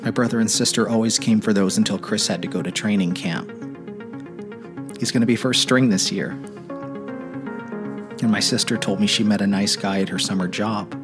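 A man giving a dramatic reading of a troubled teenage boy's letters, in a quiet, earnest, halting way. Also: on the low side, steady tone, music in the background. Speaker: narrator.

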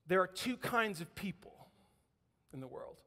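A man's voice: sits high, lively intonation, measured pace, sharp tone. A man preaching a sermon as a pastor, telling a story vividly and acting out what people say. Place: church sanctuary. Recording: church hall reverb.

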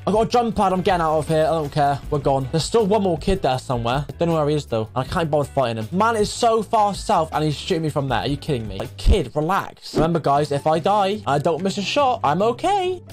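A young man giving live commentary over his own gameplay, swinging from muttering to excited shouts. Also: on the high side, fast talker, few pauses, soft background music. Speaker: gaming streamer.

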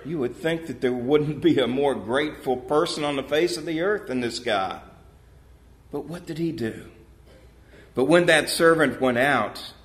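A male pastor preaching a sermon in a church, telling a parable with lively changes of voice and rhetorical questions to the congregation. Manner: animated storytelling, voicing parable characters with pitch jumps. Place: church sanctuary.

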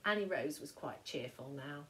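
A woman primary school teacher reading a picture book aloud to young children, with slow, expressive storytelling. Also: sits low, slight background noise, low-quality recording.

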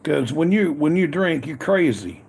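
Guy streaming live from his grill outside, slightly high voice, hypes up chat and calls out names nonstop. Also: big pitch swings, normal speed, creaky, darkish tone, husky. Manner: greets chat viewers by name over and over; upbeat, repetitive catchphrases. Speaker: livestream host. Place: outdoors at a grill in cold weather.

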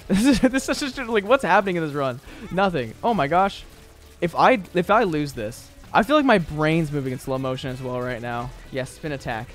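Exasperated man narrating his gameplay. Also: fairly high pitch. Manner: exasperated, self-mocking, talks to the game. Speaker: gaming streamer. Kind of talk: casual let's-play commentary.

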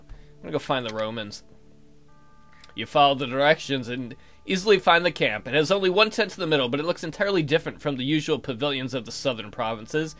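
A man's voice: medium pitch, animated, fairly quick, a bit bright, faint music behind. A man casually commenting on his gameplay, swearing, thinking aloud, and reading the game text. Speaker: let's play gamer.

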